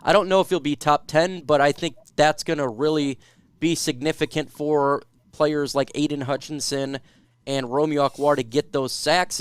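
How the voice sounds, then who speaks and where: Man reading fan questions, crisp dry voice. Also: a little high, dry recording. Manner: reads viewer questions aloud then answers. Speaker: podcast host reading live chat. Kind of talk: casual sports talk.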